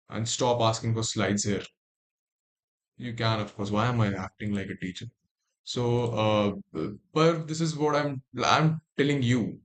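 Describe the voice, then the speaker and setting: Young Indian-accented man, casual streamer, reads on-screen text aloud, thinks out loud mid-sentence. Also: lowish voice. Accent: Indian English. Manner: reads text aloud with muttered asides and restarts. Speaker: livestreamer. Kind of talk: casual livestream, reading aloud.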